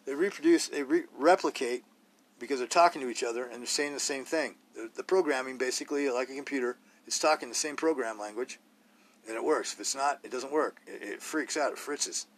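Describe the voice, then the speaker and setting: A man's voice: medium pitch, a bit bright. A man hosting a solo podcast, talking bluntly and rawly in a rambling way, full of rhetorical questions. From Idaho, US. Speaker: podcast host.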